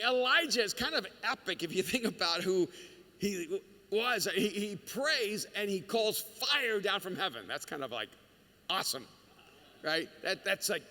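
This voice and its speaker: A middle-aged male pastor with a high, very bright, forceful voice tells a story from the pulpit with playful humor. He stumbles and restarts often as he builds energy. The sound carries a long hall reverb. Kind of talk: sermon.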